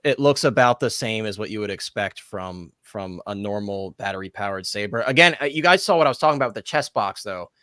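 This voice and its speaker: A man with a lowish voice hosts a casual chat, talking quickly and eagerly as he moves the talk along. The recording is dry, with no room sound. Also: lively intonation, bright, forceful tone, smooth, no echo. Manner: fast, eager, moderating. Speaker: host.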